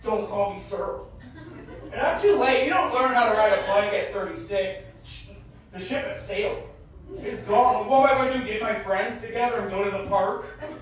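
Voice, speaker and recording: Stand-up comic, man in his thirties, very high voice, animated delivery with mumbled asides, heard a bit off-mic in a booming echoey room. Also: distant mic. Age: 30s. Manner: animated, bursts into shouted character voices. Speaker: stand-up comedian. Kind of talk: stand-up comedy set. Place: comedy festival stage.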